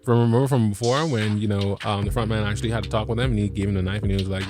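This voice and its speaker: A man hosting a podcast, recapping an episode in a casual, excitable way, swearing freely and restarting his sentences. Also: lowish voice, very fast, hardly any pauses, over music. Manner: animated, swears freely, many restarts and fillers. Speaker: podcast host.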